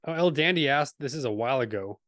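A man's voice: medium pitch, expressive, fast talker, a bit bright, no room sound. A man co-hosting a casual podcast chat, reading out posts and trading dry jokes. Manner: dry, joking delivery. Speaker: podcast co-host.

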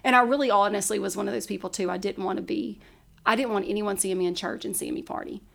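Here a woman on a podcast shares a personal anecdote in a fast, creaky, medium-pitched voice with a fairly bright tone. Chatty and quick to laugh, she acts out what she once said.

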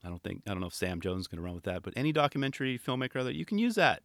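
A man hosting a podcast in casual, rambling chat, animated and self-deprecating. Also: medium pitch, racing, vocal fry, no room sound. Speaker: podcast host.

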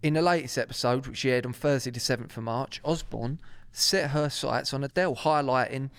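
Chatty man, smooth and dry. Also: medium pitch, fairly quick, dry recording. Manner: chatty, laddish, swears freely. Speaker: podcast co-host. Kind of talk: casual banter, reading gossip news aloud.

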